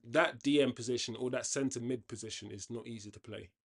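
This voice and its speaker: Brisk and medium-pitched with a breathy edge, this man hosts a football watchalong. He's chatty and opinionated, giving casual commentary and restarting sentences often.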